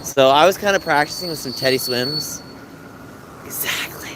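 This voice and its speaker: A man's voice: a little high, brisk. A man in his thirties livestreaming on city streets at night, chatting casually and emotionally with viewers as he reads their comments. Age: 30s. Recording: street noise behind. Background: city traffic noise.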